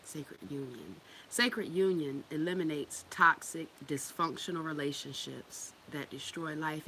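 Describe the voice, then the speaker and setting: A woman's voice: low-pitched, bright, forceful tone, slight background noise, poor audio. A woman giving a casual spiritual talk to her viewers. She is loose and profane, laughs often and repeats phrases for emphasis. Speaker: spiritual teacher.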